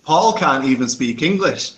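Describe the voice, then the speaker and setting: A man's voice: mid-range voice, lively intonation, unhurried, heavy background noise. A man in a casual group chat, teasing the others and laughing.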